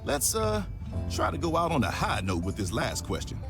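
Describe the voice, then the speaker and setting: A man's voice: a little high, wildly swooping pitch, moderate pace. A man voicing a polite, easygoing young male peacekeeper in a video game, speaking with a slight Southern US twang in a laid-back, dry, courteous way. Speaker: investigating officer in a game. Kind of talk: voiced game dialogue. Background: game music.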